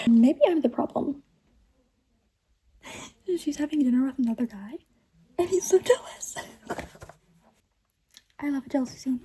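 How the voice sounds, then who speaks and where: A woman's voice: on the high side, mellow, husky, rough recording. A young woman chatting in a reading vlog, gushing and laughing often, sometimes dropping into whispers. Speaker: book vlogger. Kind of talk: casual reading vlog chat.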